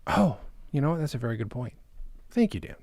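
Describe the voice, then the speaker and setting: Lively, giggly man riffing on a podcast. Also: fairly quick, no echo. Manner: animated, giggly, riffs into silly high voices. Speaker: podcast co-host. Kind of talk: casual comedic banter.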